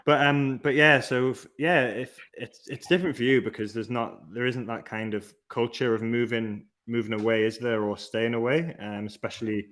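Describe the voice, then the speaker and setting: A man from England co-hosts a podcast and chats with the guest in a friendly way. He also fires off quiz questions at her. His voice sits at a middle pitch. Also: steady tone, moderate pace, hardly any pauses, fairly bright tone. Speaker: podcast co-host. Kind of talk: casual interview chat.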